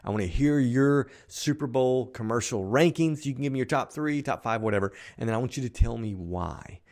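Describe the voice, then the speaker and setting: A man's voice: medium pitch, expressive, a little fast, darkish tone. A man hosting his own podcast, talking casually and upbeat, a self-described optimist who rambles with restarts and fillers. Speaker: podcast host. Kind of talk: casual solo podcast talk.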